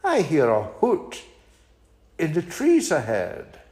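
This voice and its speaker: An older man with a Scottish accent voicing a big, gullible male monster in a low, drawn-out voice. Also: wildly swooping pitch, darkish tone, reverberant, exaggerated voice. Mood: gruff.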